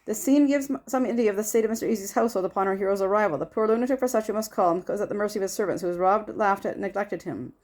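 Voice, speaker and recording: Very fast woman narrating a novel. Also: medium pitch, a little mellow. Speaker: audiobook reader. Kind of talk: scripted narration.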